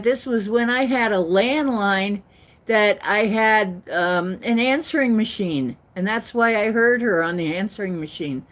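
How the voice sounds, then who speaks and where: A woman giving an earnest, rambling spiritual talk, telling a story with many restarts. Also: medium pitch. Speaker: spiritual channel host.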